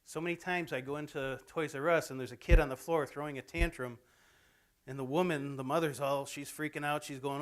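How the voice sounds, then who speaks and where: A man's voice: on the high side, fairly even intonation, brisk. A middle-aged man presenting to students in a college theatre, speaking plainly and conversationally with lots of personal anecdotes. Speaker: presenter at a campus talk. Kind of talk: informal lecture to students. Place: college theatre, in front of an audience.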